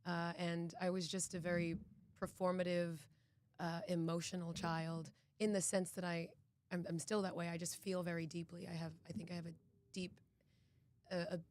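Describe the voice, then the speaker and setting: A woman's voice: lowish voice, a little mellow. A woman from Boston, an actress guest on a podcast, talking in an earnest, reflective way with frequent restarts. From Boston, United States. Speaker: actress and executive producer, guest. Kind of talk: casual podcast interview.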